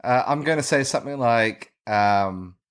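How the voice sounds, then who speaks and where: A man co-hosting a casual podcast who gives short, quick answers in a quiz. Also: medium pitch, lively intonation, smooth. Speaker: podcast co-host, quiz contestant.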